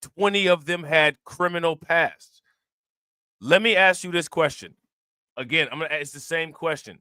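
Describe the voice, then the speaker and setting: A man's voice: fairly high pitch, normal speed, bright, forceful tone, clean tone, dry recording, clean studio sound. A man hosting a reaction channel, talking casually and firing rhetorical questions at his viewers. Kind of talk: casual commentary.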